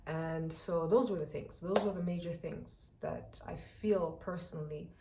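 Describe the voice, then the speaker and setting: Young woman, lower register, animated casual storyteller talking to camera. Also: measured pace, noisy background. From Rwanda. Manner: animated, chatty, frequent asides to viewers. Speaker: vlogger.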